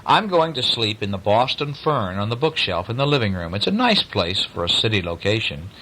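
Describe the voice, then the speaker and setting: A man voicing a gentle, polite little female songbird with a soft, musical way of speaking. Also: on the low side, sing-song, fairly quick, exaggerated voice, poor audio.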